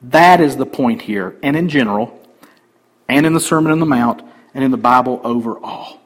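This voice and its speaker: A man pastor preaching a sermon emphatically, swinging between loud declarations and quiet asides. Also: mid-range voice, normal speed, rough recording.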